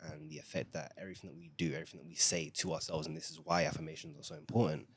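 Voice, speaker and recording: A man's voice: a bass voice, level tone, very fast, breathy edge. A young man from the UK, a family guest on a podcast, speaking in an earnest, reflective way with many fillers. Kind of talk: casual discussion.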